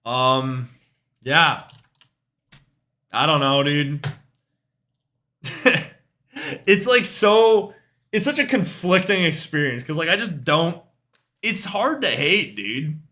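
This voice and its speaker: Young male streamer, casual reaction chat, lively up-and-down delivery, somewhat high voice. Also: takes it slowly, pauses often. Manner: laid-back, swears casually, trails off with "I don't know, dude". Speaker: streamer reviewing music.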